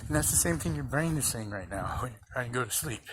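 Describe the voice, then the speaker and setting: A man's voice: mid-range voice, lively intonation, fast talker. A man talking casually to the camera about recovery, rambling, blunt and profane but reassuring. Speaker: recovery vlogger. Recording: loud background noise.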